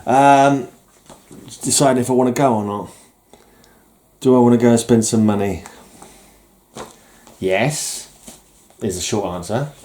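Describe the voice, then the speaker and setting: A man's voice: medium pitch, a little slow, long pauses, mellow. A man chatting casually about his comics, rambling and joking at his own expense. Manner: rambling, jokey, self-mocking with mock-villain bluster. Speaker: comic collector vlogger. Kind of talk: casual chat.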